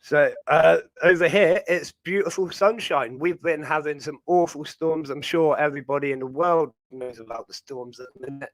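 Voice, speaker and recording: Chatty British man, bright voice, dry. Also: fairly high pitch, moderate pace, hardly any pauses, no room sound. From Britain. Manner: rambling, chatty, many fillers. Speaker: livestream host. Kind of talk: casual chat.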